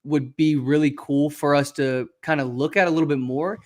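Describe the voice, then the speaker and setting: A young man co-hosting a casual sports show, talking fast and freely, swearing and acting out what others say. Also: fairly high pitch. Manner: animated, swears freely, acts out quotes. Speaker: podcast co-host.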